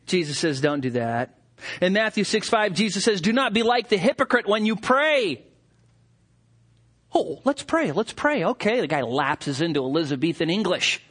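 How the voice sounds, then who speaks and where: A man preaching a sermon, talking animatedly and mocking hypocrites with quick impressions. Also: high voice, lively intonation, fairly bright tone, slightly rough. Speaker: pastor.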